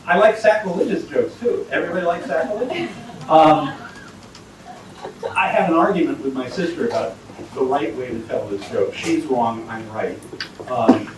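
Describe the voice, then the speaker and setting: A stand-up comic rambles through jokes at an indoor comedy night, constantly interrupting himself. His voice is on the high side at normal speed. An iPhone too far away captured it, so the recording is distant and echoey with background noise.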